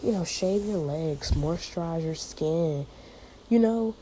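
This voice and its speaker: Low, mellow-voiced woman, rambling spiritual talk. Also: slow, a little hiss or hum, poor audio. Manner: rambling, searching for words, many fillers; addresses listeners as y'all. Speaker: channel host giving a prophetic word. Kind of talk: casual spiritual vlog talk.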